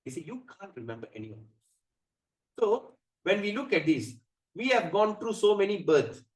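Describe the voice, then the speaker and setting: A man giving a scripture class, chanting verses slowly and then explaining them animatedly with many fillers. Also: sits high, big pitch swings. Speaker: spiritual teacher. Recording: echoey room, mic at a distance.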